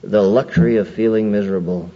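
A man preaching a sermon, lively and conversational, acting out people's excuses in a raised voice. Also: fast. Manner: animated, acts out quoted excuses in a higher voice. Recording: muffled old hall recording with faint noise.

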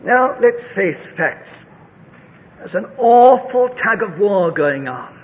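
A man's voice: big pitch swings, slow. A man preaching a sermon, reading scripture and telling stories with dramatic, rising delivery. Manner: dramatic, rising to high shouts in a told story. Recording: dull lo-fi recording in a large reverberant hall.

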